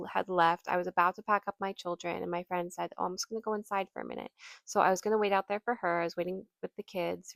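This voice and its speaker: A woman's voice: on the low side, gravelly, no echo. A woman podcast host telling a personal story in an earnest, reflective way, often restarting her sentences and saying "like".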